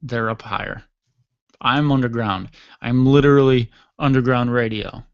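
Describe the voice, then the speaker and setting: A man's voice: mid-range voice, fairly even intonation, normal speed, vocal fry, dry recording, highs cut off. A man hosting his own podcast from a basement studio, rambling casually with jokey asides and yawning from tiredness. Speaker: podcast host. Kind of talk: casual solo podcast talk.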